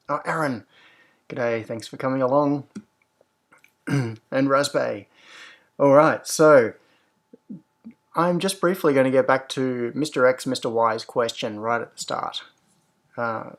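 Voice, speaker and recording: A man hosts a relaxed livestream, with a gravelly edge to his mid-range voice. He greets his viewers brightly, then talks through technical answers at length, wandering off on tangents as he goes. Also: medium pitch. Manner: upbeat greetings, rambling technical explanations. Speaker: host. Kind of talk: casual livestream chat.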